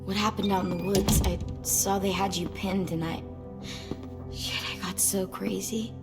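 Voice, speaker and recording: A woman's voice: medium pitch, steady tone, measured pace, in a large hall, loud music behind the voice, lightly acted. A woman voicing a guarded teenage survivor girl who talks bluntly, swears and sounds worried.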